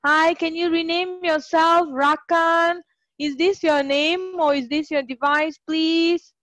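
High-voiced woman teaching an online class. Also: fairly even intonation, slow, fairly bright tone, no room sound. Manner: encouraging, chatty, greets students by name. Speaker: online English tutor. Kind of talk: live online grammar class.

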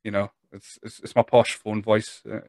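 A man's voice: lowish voice, little pitch movement, moderate pace, a little mellow, no echo, studio quality. A man in his thirties from northeast Scotland with a Speyside Scottish accent, hosting a casual interview podcast in a rambling, self-deprecating way. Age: 30s. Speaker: podcast host.

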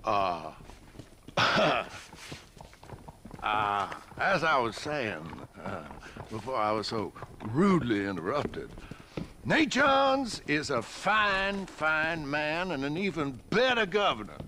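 A blustering, bright-voiced townsman. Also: fairly high pitch, big pitch swings, takes it slowly, a little hiss or hum, heavily acted. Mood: nervous, fawning. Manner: blustering, theatrical. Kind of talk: video game dialogue.

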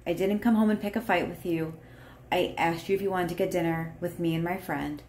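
A gentle partner who keeps her tone level and asks politely, as a woman acts out the scene. The voice sounds careful and apologetic. It rings a little in an echoey room. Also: on the low side, fairly even intonation, fairly quick, natural voice. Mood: pleading. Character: calm, pleading partner trying to stay polite. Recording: roomy echo.

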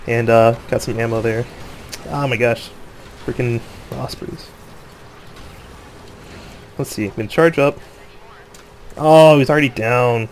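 A man casually commenting on his own gameplay, laughing often, joking and excitable, with faint noise behind him. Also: medium pitch, takes it slowly, long pauses.

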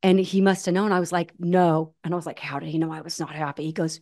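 A woman in her forties telling a personal story in a casual interview, animated, with many restarts. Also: lowish voice, quick pace, hardly any pauses. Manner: animated, many restarts, acts out quoted voices. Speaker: guest, ultramarathon runner.

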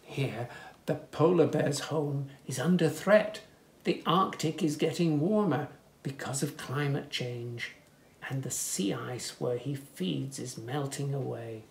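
A man reading a children's picture book aloud, gently pointing things out to young listeners in soft asides and lifting his voice for the animals' lines. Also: medium pitch, slow, vocal fry. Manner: lifts voice for animal speech without distinct characters. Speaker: children's story reader.

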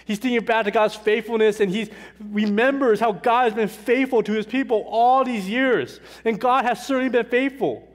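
Guy preaching in a church, earnest, slow and soft in spots, lots of hall echo. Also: high voice. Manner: earnest, slow and emphatic, dropping soft on painful words. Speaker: pastor. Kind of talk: sermon. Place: church sanctuary. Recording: long hall reverb.

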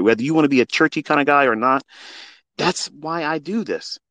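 A middle-aged man speaks into his phone as a trading mentor hosting a live audio space, his pitch fairly high and his pace a little fast. His tone is sharp and there's no room sound. The unscripted monologue is heartfelt, passionate and preachy, with blunt swearing.

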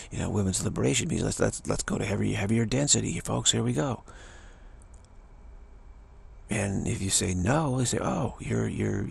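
A gravelly, husky man with a fairly low pitch wanders through a spiritual monologue. He frequently begins phrases again and imitates others' voices mockingly.

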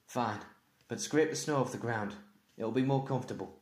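A man's voice: mid-range voice, moderate pace, a little mellow, natural voice. A man voicing an injured young farm boy, speaking in a pleading, exasperated way. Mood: weary. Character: young male farm boy, hurt and frustrated. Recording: echoey room.

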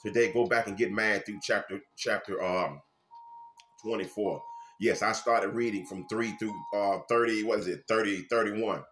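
A man, a minister, preaching an informal sermon with fervent, repetitive phrasing and sudden loud bursts. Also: lowish voice, fairly even intonation, moderate pace, roomy sound, faint music behind.

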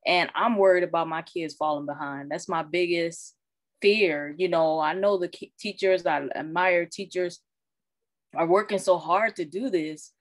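A woman who is a parent and social worker, talking candidly and colloquially in casual chat, animated when she retells what others said. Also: lowish voice, measured pace, dry recording. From Arizona. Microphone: video call.

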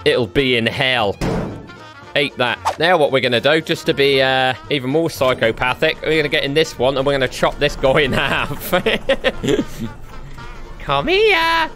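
A young man doing lively gameplay commentary, trash-talking with slang and laughing often. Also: mid-range voice, measured pace, faint music behind. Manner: rowdy, jokey trash-talk with slang and frequent laughter. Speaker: gaming YouTuber.

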